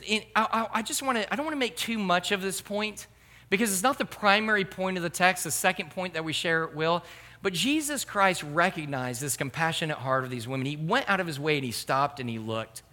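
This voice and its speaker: A man's voice: high-pitched, sharp tone. A middle-aged man, a pastor, giving an earnest, emphatic sermon.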